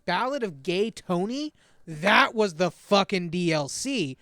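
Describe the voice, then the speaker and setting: A man in casual, animated chat about video games, swearing and laughing often. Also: sits high, measured pace, dry recording.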